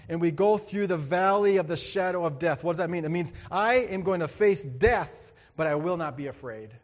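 A male pastor preaching a sermon, swinging between loud exclamations and quiet emphasis and acting out quoted voices. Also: high voice, normal speed, hardly any pauses, long reverb tail.

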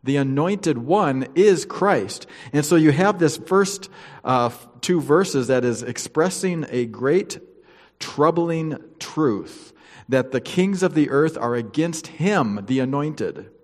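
A man's voice: on the high side, animated, slow, big-room sound. A man preaching a sermon, reading scripture with chatty, joking asides to the congregation.

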